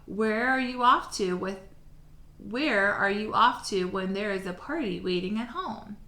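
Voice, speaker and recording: Storybook: woman reading stern older Irish uncle, brisk and scolding, bright tone, echoey room. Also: mid-range voice. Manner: brisk, scolding, matter-of-fact. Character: gruff no-nonsense Irish uncle, older man. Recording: roomy echo.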